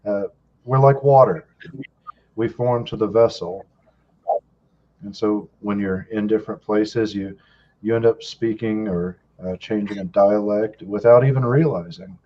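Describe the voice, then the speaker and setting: Male guest, lowish voice, thoughtful and musing, muffled lo-fi audio. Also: measured pace, slight background noise. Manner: reflective, thoughtful. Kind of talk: casual interview chat. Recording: dull lo-fi sound.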